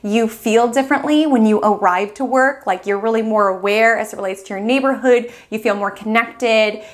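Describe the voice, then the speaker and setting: A woman hosting a weekly astrology forecast, telling a scenario in second person with lively, expressive delivery. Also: a little high. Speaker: astrology host.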